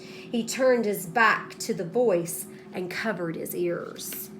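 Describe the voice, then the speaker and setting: A woman teacher reading a storybook aloud to students in an expressive way, stopping to ask them questions. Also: medium pitch, background noise. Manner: slow, expressive, pauses to prompt students.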